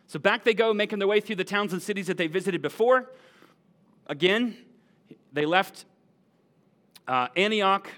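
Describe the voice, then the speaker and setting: Pastor, male, lively conversational sermon delivery, slightly high voice. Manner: animated, conversational, asks the room "right?".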